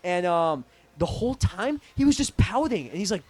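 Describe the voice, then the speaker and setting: A man's voice: high voice, very animated, moderate pace, darkish tone. A young man telling a story in a casual, profane, rambling rant as a vlogger.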